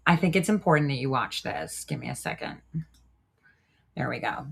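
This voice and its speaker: A woman's voice: low voice, lively intonation, normal speed, creaky, husky. A woman hosting a livestream show in a casual, chatty way, often trailing off while she works her screen. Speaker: show host.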